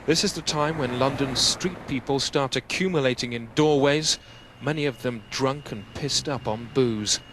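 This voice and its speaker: Matter-of-fact male reporter, street traffic behind. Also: mid-range voice. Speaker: field reporter. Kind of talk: satirical news report.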